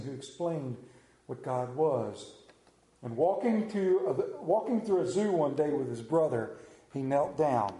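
A man's voice: on the high side, mellow. A man preaching a sermon and leading a prayer, earnest, with self-deprecating asides. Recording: roomy echo.

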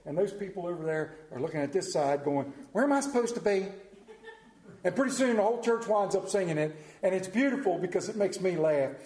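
A man preaching a sermon as pastor, conversational and joking, often dropping to a hushed voice. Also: high voice, expressive, fast, few pauses. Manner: humorous, conversational preaching with sudden hushed drops. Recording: roomy church echo.

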